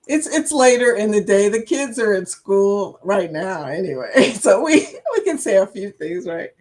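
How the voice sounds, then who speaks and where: A woman's voice: mid-range voice, sing-song, moderate pace, darkish tone. An older woman hosting a casual live-stream chat, chatty and laughing often as she reads viewers' comments aloud, with a slight cough and a dry throat.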